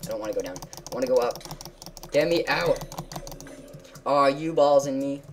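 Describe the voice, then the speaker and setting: A woman giving casual gameplay commentary, excitable, jumping from loud yelps to quiet mutters. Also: very deep voice, moderate pace, slight background noise. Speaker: gamer.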